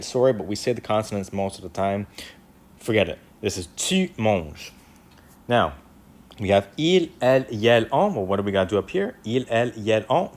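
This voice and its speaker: A man teaching a French grammar lesson in a casual, explanatory way, walking through each step and checking in often. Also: medium pitch. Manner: lively, repeats "right?" and "easy enough", walks through steps.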